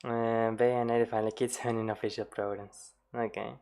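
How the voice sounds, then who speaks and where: A woman's voice: extremely low pitch, little pitch movement, normal speed, mellow. A woman hosting a reaction stream, chatting casually and laughing often.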